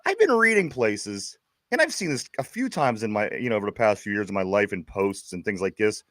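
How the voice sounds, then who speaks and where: A man's voice: fairly low pitch, big pitch swings, fairly quick, a bit bright, dry recording, studio quality. A man from Pittsburgh with a Pittsburgh accent, co-hosting a casual sports chat show, rambling and laughing as he stumbles over his words. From Pittsburgh, USA. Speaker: podcast co-host.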